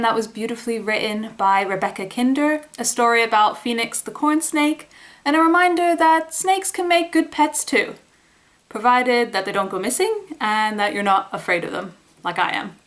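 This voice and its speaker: Brief: female podcast host introducing readings, friendly, slightly high pitch. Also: normal speed, a bit bright. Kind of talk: introducing stories on a charity podcast.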